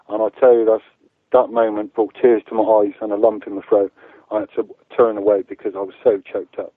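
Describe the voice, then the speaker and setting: A man speaks over a tinny, phone-like line in a fairly low voice that sounds dry and close. He talks earnestly as an activist guest, stumbling over his words and repeating them as he goes. The line is thin and narrow. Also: little pitch movement, no echo. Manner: halting, repeats words often. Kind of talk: earnest interview answers.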